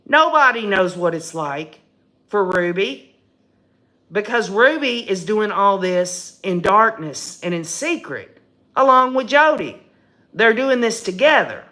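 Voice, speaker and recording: A middle-aged woman hosts a live true-crime stream, speaking slowly and with heavy emphasis. Her bright, clear voice leans hard on key words as she keeps calling her viewers "y'all". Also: medium pitch, animated. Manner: emphatic, addresses viewers as "y'all", repeats and restarts when indignant. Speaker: livestream host.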